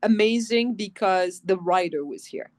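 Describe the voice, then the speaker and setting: A woman from France with a French accent, a voice actress telling animated stories in a casual interview and acting out the quotes. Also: mid-range voice, measured pace. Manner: animated storytelling, acts out quotes, swears casually. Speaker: guest voice actress.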